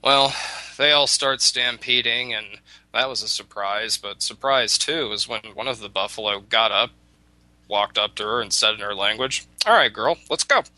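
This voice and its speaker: Bright-voiced man telling a folk tale. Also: fairly low pitch, steady tone, moderate pace, no room sound, rough recording. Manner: rambling with many restarts. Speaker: radio show talker. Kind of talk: casual storytelling on talk radio.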